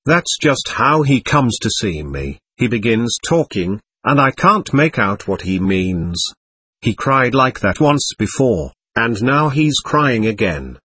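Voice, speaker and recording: A man's voice: mid-range voice, sing-song, slow, a bit bright, slightly rough, no room sound, full character voice. A man reading aloud, voicing a young woman who teases and scolds. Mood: reproachful. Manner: reproachful, teasing. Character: teasing, reproachful young woman.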